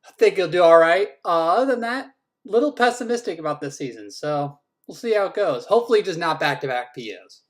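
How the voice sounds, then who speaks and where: A man's voice: fairly high pitch, expressive, brisk. A man acting as league commissioner, giving a casual, teasing run through each team's draft picks and swearing now and then. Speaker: fantasy football league commissioner. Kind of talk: casual team-by-team draft rundown.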